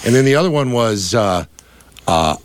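A man's voice: medium pitch, expressive, moderate pace, clear, resonant tone, dry recording. A middle-aged man hosting a casual radio chat, rambling with many fillers and restarts. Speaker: radio host.

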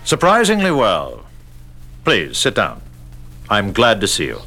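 An actor playing a polite, probing man in charge of a prison, who speaks in a measured, courteous way. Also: fairly low pitch, huge pitch swings, creaky, pushed and bright, exaggerated voice. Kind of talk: radio drama acting.

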